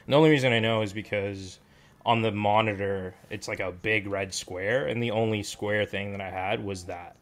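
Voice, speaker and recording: Guy w a lowish voice just rambling, lots of ums and restarts, laid back convo. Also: fairly even intonation, moderate pace. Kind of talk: casual chat.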